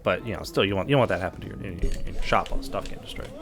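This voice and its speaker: A man's voice: sits low, rapid-fire, soft background music. A young man telling a long, rambling comic story in casual chat, restarting his sentences often. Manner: rambling, many restarts, acts out characters. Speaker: podcast co-host.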